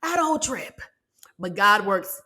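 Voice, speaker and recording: On her podcast, a woman speaks at medium pitch and a normal pace as she shares a personal story. Her delivery is emotional, animated and full of faith, and she addresses her listeners directly.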